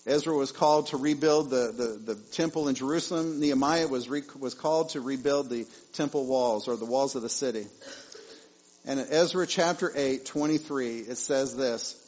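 A male pastor, preaching a sermon in a conversational way, with lively asides and repeated phrases. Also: a little high, rough recording.

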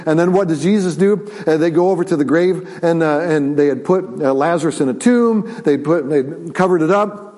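High-voiced storytelling pastor. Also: male voice, normal speed, hardly any pauses, a little mellow. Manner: storytelling with many restarts and fillers; acts out quotes with rising pitch and volume. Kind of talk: sermon.

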